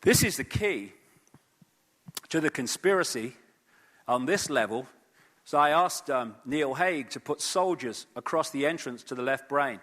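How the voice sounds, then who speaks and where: A man giving an animated lecture to a live audience at an event, with frequent fillers and repeated words. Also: medium pitch, unhurried, long reverb tail. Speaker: speaker at an event. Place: event hall.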